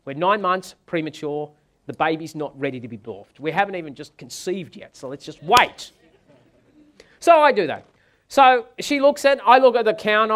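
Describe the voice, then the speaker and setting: A male sales trainer delivers a seminar, telling his anecdotes with animated, dramatic flair. His voice sits a little high for a man.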